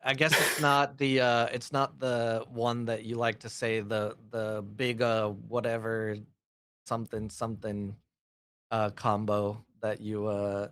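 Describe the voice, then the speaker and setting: A man co-commentating a card game tournament, talking in a halting, easygoing way with many fillers and restarts. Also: fairly low pitch, flat delivery, a bit bright, smooth.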